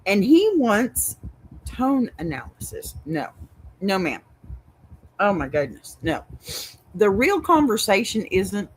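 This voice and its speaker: A woman's voice: mid-range voice, very animated, slow pace, long pauses, slight background noise, low-quality recording. A Texan woman hosting an advice show, reading out a reader's story and then giving a blunt, sassy verdict. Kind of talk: reading and reacting to advice stories. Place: home with a dog.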